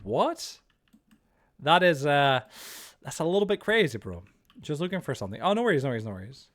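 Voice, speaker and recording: Male game streamer, mid-pitched, loose rambling chat full of filler, teasing and joking with friends. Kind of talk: casual live-stream chat while playing.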